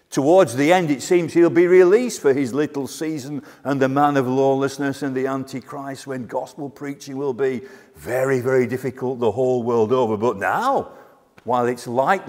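A man preaching a sermon, emphatic and full of dramatic pauses and asides. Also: mid-range voice, darkish tone. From half Greek heritage. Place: church. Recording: long church reverb.

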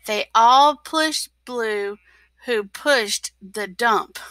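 A woman, a teacher, reading a picture book aloud to children, slowly and expressively with whispered asides. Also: fairly high pitch, sharp tone, no room sound.

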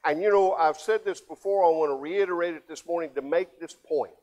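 An older man, a pastor, preaching a sermon, swinging from loud emphatic passages to low quiet asides. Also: a little fast, dull audio.

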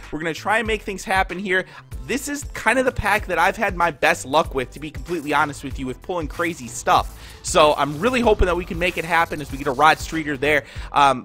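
A man's voice: sits high, bright, forceful tone. A congested young man with a nasal voice from Minnesota, casually chatting to viewers as he opens card packs in a video game. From Minnesota, USA. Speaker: gaming YouTuber. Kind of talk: pack opening commentary.

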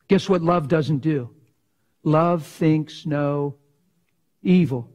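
Impassioned preacher with a higher voice. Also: male voice, slow pace, long pauses. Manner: impassioned, swings from loud to hushed whispers; folksy, drops into slang like "ain't". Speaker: pastor. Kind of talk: sermon.

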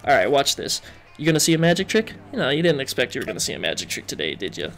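A man's voice: medium pitch, huge pitch swings, rapid-fire, creaky, a bit bright, soft background music. A young man giving playful, joking let's-play commentary as he works through a game. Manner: playful, jokey, chatty with game characters. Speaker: gaming video host.

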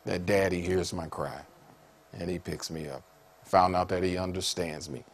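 A man a sermon in an animated way, laughing often and rising to high excited calls. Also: moderate pace. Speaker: preacher.

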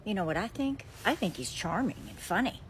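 A woman's voice: medium pitch, very animated, brisk, slight background noise, close to an everyday voice. A woman voicing a dry, sarcastic police officer in a comedy skit. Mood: deadpan.

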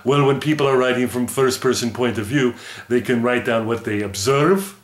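A man's voice: mid-range voice, normal speed, reverberant, lightly acted. A man voicing an eager, polite puppy puppet in a classroom lesson video. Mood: cheerful. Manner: polite, eager, a bit formal. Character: puppy mascot "Math Mud", eager male dog puppet.

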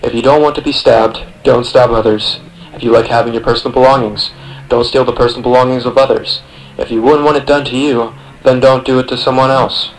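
A man's voice: medium pitch, fairly even intonation, a little fast, rough recording. A young man reading a scripted voice-over for a video essay, sardonic and profane, speaking straight to the listener. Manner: sardonic, profane, second-person address.

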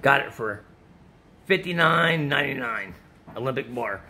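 A man's voice: mid-range voice, lively intonation, moderate pace, vocal fry, pushed and bright. A middle-aged man chatting casually about workout gear and supplements, out of breath after a workout, rambling and restarting his sentences. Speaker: vlogger giving supplement advice. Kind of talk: casual chat.

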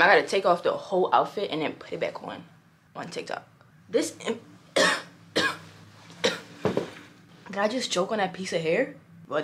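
A hoarse young woman vlogging casually in a hotel room, rambling loosely and swearing now and then. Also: mid-range voice, a bit bright, a little hiss or hum. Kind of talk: casual vlog chat. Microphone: small clip-on mic.

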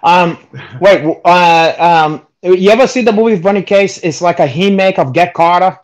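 A man's voice: high voice, moderate pace. A man co-hosting a casual chat, rambling and swearing with many restarts. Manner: rambling and profane, lots of restarts. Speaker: co-host.

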